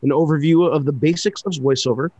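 A man in a casual panel chat, giving class details in an informative, slightly halting way. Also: on the high side, fairly even intonation, dark tone, no echo.

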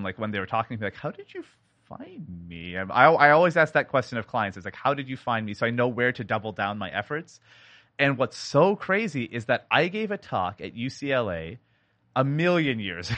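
A man's voice: lowish voice, dry recording. A man from India, a sound designer, telling stories in a casual interview with many restarts. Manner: animated storytelling with many likes and restarts.

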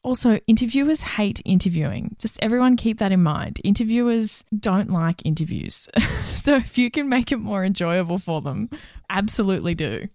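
A woman's voice: mid-range voice, expressive, normal speed, a little mellow, no echo, clean studio sound. A woman, a career coach co-hosting a podcast, giving direct advice in casual chat. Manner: direct, advising, explains points in steps.

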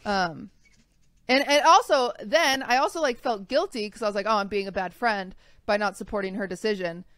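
A woman's voice: mid-range voice, moderate pace, a bit bright, no room sound. A young woman co-hosting a podcast, telling a personal story in a rambling, casual way with lots of fillers. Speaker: podcast co-host. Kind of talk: casual chat.

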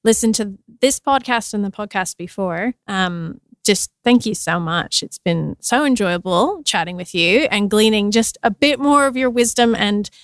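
A woman's voice: mid-range voice, normal speed, hardly any pauses, dry recording, studio quality. A woman hosting a podcast interview, asking questions in a friendly way. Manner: friendly, laughs easily. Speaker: podcast host.

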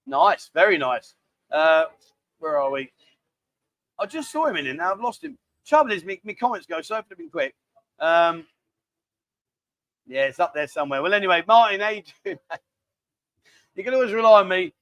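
A man's voice: high-pitched, very animated, moderate pace, pauses often, a bit bright, dry recording. A man hosting a live stream, rambling and bantering casually as he reads out viewer comments. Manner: rambling, chatty, cheeky banter. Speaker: livestream host.

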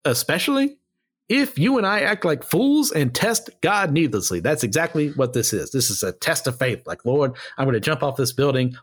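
A man giving casual Bible commentary, blunt and opinionated, who drifts off on tangents and pulls himself back. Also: mid-range voice. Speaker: Bible study teacher.

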